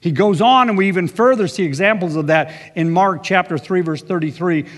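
A man's voice: sits high, brisk, in a large hall. A man preaching a sermon earnestly, with conversational asides. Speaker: pastor.

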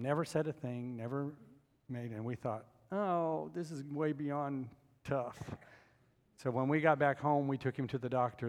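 A middle-aged man preaching a sermon, telling a family story and building to loud, fervent emphasis. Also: mid-range voice. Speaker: pastor. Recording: long reverb of a large hall.

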